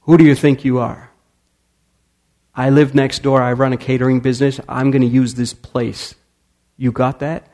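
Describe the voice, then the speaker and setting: A man voicing an angry, bullying male neighbor who makes loud threats. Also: medium pitch, flat delivery, moderate pace, long pauses, lightly acted. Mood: threatening.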